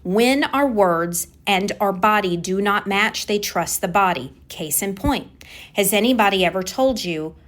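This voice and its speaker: A woman's voice: mid-range voice, lively intonation, a little slow. A woman hosting a solo coaching podcast on communication, talking with energy and stressing key words by repeating them.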